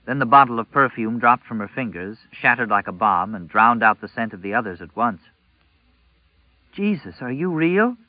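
A man narrates a novel at an even, measured storytelling pace. His voice is fairly low. The recording is dry and a little dull. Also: dry recording. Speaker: audiobook narrator.

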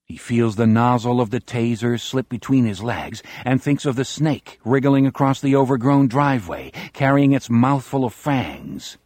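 A man reading an audiobook in a measured, dramatic narrating style. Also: mid-range voice, a little mellow, no echo, clean studio sound.

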